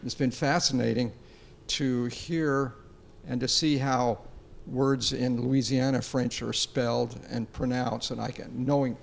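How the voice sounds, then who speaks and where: A man from Utah on a panel, explaining in a measured, conversational way. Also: medium pitch, steady tone, creaky, slight background noise.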